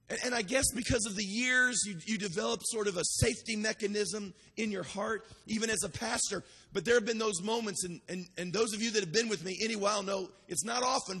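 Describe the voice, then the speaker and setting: A man preaching a sermon as pastor, building to shouted cries and repeating phrases with restarts. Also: sits high, slightly rough, big-room sound.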